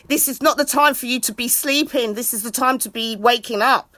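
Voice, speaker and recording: A woman in a rambling live video chat. She rants and shouts out to friends in an excitable way. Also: a little high, brisk. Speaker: vlogger.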